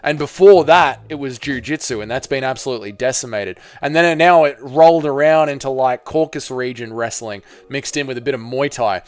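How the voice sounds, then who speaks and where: A man's voice: mid-range voice, brisk, few pauses. An Australian man hosting a casual live stream, reading out chat messages, swearing freely and bantering with viewers. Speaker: livestream host reading chat.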